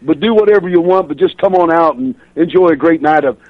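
An older man spinning chatty stories as a radio guest, laughing as he goes. His voice sits a little high for a man. The line sounds dull and muffled, dry and close. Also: fast, no room sound. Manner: chatty storyteller, laughs through his tales. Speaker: guest, professional wrestler. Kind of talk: radio interview storytelling.

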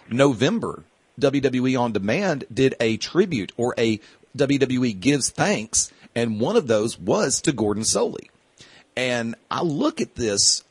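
A man's voice: mid-range voice, husky, dry recording. A man hosting a casual interview show, chatty and rambling, laughing easily. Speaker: podcast host.

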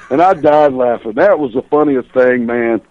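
A man's voice: medium pitch, unhurried, darkish tone, no echo. Older man telling stories on a muffled line. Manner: chatty storyteller, laughs through his tales. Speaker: guest, professional wrestler. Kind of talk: radio interview storytelling.

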